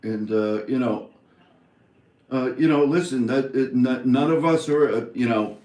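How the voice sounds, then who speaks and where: A man's voice: medium pitch, a little slow, dark tone. A man calling in to a live stream, chatting casually and rambling with many fillers and restarts. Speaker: caller on a live call-in stream. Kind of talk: casual chat. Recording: roomy echo on the line.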